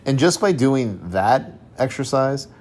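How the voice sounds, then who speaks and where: A man's voice: medium pitch, lively intonation, slow, a little mellow, breathy edge. A man hosting a solo motivational podcast, talking reflectively and conversationally with rhetorical questions and frequent restarts. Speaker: podcast host.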